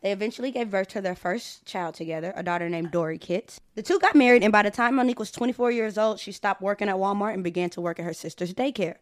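A woman's voice: medium pitch, quick pace, few pauses, dry recording, studio quality. A woman co-hosting a casual true-crime podcast, telling the story in a laid-back way with slang. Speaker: podcast co-host.

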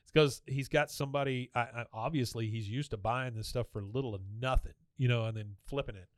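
Man, podcast co-host, smooth clear voice, dry close sound, lively scene-by-scene retelling, quick character voices. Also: mid-range voice, no echo. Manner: animated retelling, acts out lines in quick voices, laughs often. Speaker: podcast co-host recapping a cartoon episode. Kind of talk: casual chat, retelling scenes.

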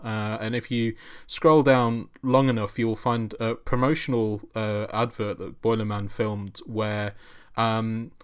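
A man's voice: on the low side, flat delivery, measured pace, clean tone. A man, a guest author on a podcast, telling a story in a hesitant, dry way with many restarts. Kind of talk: casual podcast chat.

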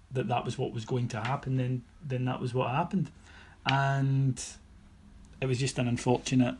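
A Scottish man telling stories on a podcast in a casual, animated way, mimicking other people and swearing now and then. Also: medium pitch, slight background noise. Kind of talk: casual anecdotal storytelling.

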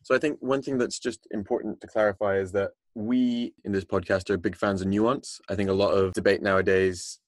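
A man's voice: on the low side, steady tone, a little fast, hardly any pauses, dry recording. A man co-hosting a podcast, thinking aloud in a loose, chatty way, full of restarts. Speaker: podcast co-host. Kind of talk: casual discussion.

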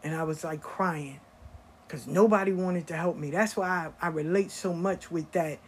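A woman's voice: lowish voice, moderate pace, slight background noise. A middle-aged woman telling stories from her life in blunt, profane casual talk, acting out the voices of the people she quotes. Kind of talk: casual storytelling.

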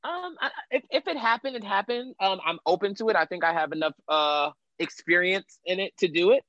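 A man speaking as a podcast guest, chatty and upbeat, quick to agree. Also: sits high, expressive, bright, forceful tone, no echo. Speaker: podcast guest, spotlight host. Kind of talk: casual interview chat. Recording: dull, dry remote audio.

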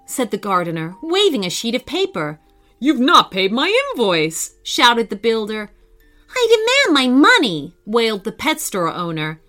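A woman narrating a scripted children's story in an expressive, sing-song way. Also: mid-range voice. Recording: faint background music.

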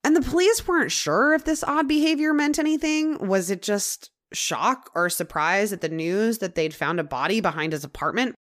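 A young woman hosts a podcast and recounts a true-crime case in a loose, conversational way. She keeps slipping in "like" and slows down for dramatic beats. Her pitch sits in an ordinary middle range. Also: animated, a bit bright. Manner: chatty, frequent "like" fillers, dramatic pauses. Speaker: podcast host. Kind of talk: casual true-crime storytelling.

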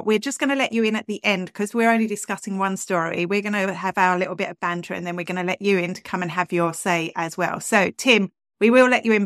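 A woman's voice: medium pitch, fairly bright tone, no echo, clean studio sound. A woman co-hosting a podcast in a chatty, upbeat way that often breaks into laughter. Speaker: podcast co-host. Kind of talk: casual chat.

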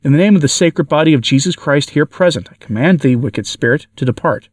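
A man's voice: fairly high pitch, animated, fairly quick, dry recording. A man voicing a stern bishop performing an exorcism, solemn and commanding, in an audio story. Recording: dry, from far off the mic.

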